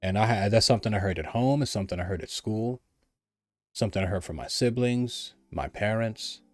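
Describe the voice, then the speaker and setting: In a dry recording, a commentator from the United States hammers home his opinions in a repetitive monologue, imitating other people by raising his voice. His voice is lowish and a little fast.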